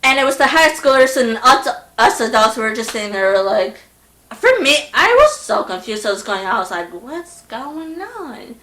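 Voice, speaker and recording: A woman's voice: on the high side, moderate pace. A young woman telling a storytime in a casual, exasperated way, acting out the people she quotes. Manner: animated, exasperated, acts out voices in quotes. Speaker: vlogger. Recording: echoey room.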